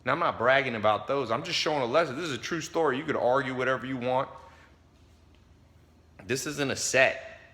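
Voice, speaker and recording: Bright-voiced man preaching patience to camera. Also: medium pitch, a little fast, long pauses. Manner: emphatic, preachy, chuckles between points; talks while eating. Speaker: vlogger giving life advice. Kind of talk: casual motivational monologue to camera.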